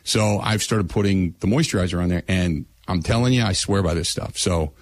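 A man's voice: low-pitched, fairly quick. A man hosting a casual chat, giving earnest, emphatic advice. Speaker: host.

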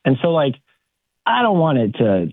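A man's voice: medium pitch, huge pitch swings, normal speed, no room sound. A man calling in, talking hesitantly with lots of fillers and restarts. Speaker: caller. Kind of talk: nervous phone call. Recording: tinny dry phone line.

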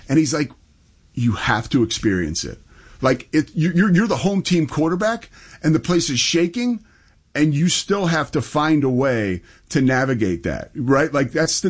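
A man's voice: mid-range voice, slightly rough. A man co-hosting a casual sports talk show, telling interview stories in an enthusiastic, conversational way.

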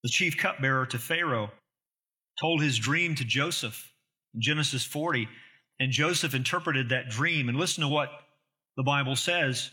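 A man's voice: mid-range voice, normal speed, sharp tone. A man preaching an expository sermon, earnest and emphatic, with rhetorical questions to the listeners.

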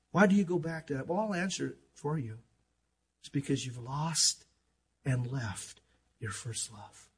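An older man preaching with passion, his high voice husky and a little rough. He surges to loud declarations and then drops to near-quiet asides. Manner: impassioned, rising and dropping sharply in volume, acts out stories. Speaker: pastor. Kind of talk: sermon.

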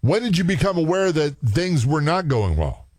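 Halting man hosting an interview. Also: a little high, sing-song, a little mellow, dry recording. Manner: halting, restarts questions often. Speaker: podcast host, former police officer.

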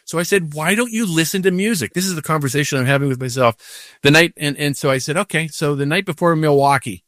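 Older man telling animated stories. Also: fairly high pitch, fast, no echo, studio quality. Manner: animated storytelling with acted-out inner voices. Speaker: guest, professional golfer. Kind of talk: casual storytelling.

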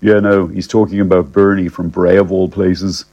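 A man telling a comic first-person story in a cheeky, deadpan, slangy way. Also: deep voice, normal speed, muffled recording.

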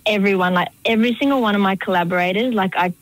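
A woman's voice: mid-range voice, fast talker, a little hiss or hum, rough recording. A young woman, a choreographer chatting in a radio interview, rambling and full of "like" fillers. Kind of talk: casual interview chat.

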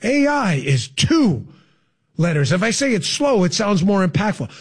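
A man putting on a mocking impression of a rambling woman politician, speaking in a slow, drawn-out, sing-song way. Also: high-pitched, animated, breathy edge, full character voice.

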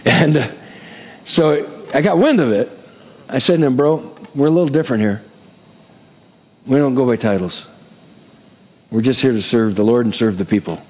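A man's voice: mid-range voice, moderate pace, pauses often, darkish tone, in a large hall. A middle-aged man preaching a sermon as pastor, chatty, with frequent "amen?" asides and playful humor. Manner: acts out quoted voices, self-deprecating humor.

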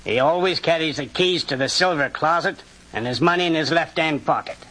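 Man doing a terse pickpocket, bright edgy tone, old radio play. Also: on the high side, fairly quick, rough recording. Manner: terse, matter-of-fact. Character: cool, unsmiling male pickpocket. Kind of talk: old-time radio drama.

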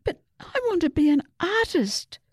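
A woman voicing an eager young girl who loves to draw, speaking high and emphatic. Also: sing-song, unhurried, dark tone, no echo, clean studio sound. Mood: excited.

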